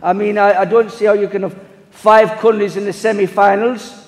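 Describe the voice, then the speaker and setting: A man's voice: sits high, normal speed, lightly acted. A man impersonating a rambling football man, full of fillers, on a live stage. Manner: rambling, full of fillers, deadpan self-regard. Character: rambling Scottish ex-player tipped as manager. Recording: live hall with audience.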